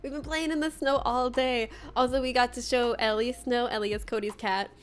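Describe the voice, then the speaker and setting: A woman's voice: on the high side, fairly even intonation, fairly quick, a little hiss or hum. A young woman streamer chatting casually with her viewers, bubbly and laughing often as she greets them by name. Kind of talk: casual livestream chat with viewers.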